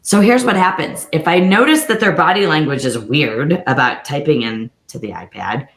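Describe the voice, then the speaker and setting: Lively woman coach in an echoey room. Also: sits low. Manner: lively, acts out dialogue in quick back-and-forth. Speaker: real estate coach. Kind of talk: storytelling coaching talk.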